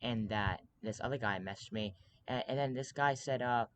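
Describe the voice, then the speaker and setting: A man in a casual monologue to camera, rambling on with urgency and plenty of ums and restarts. His pitch sits in an everyday middle range. A steady noisy hiss runs behind him. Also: normal speed.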